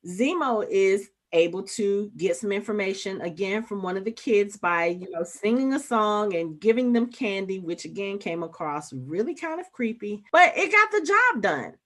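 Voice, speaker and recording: Woman podcast co-host, mid-pitched, animated recap chat. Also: normal speed, few pauses. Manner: retells scenes, quoting characters with rising emphasis.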